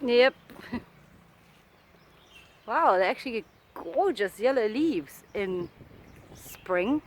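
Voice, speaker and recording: A woman with a slightly high voice co-presents a travel vlog outdoors. She explains things to the camera in an upbeat, eager manner. Faint outdoor ambience runs underneath. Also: animated, a little hiss or hum. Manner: upbeat, enthusiastic, quick to laugh. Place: outdoors on a garden estate.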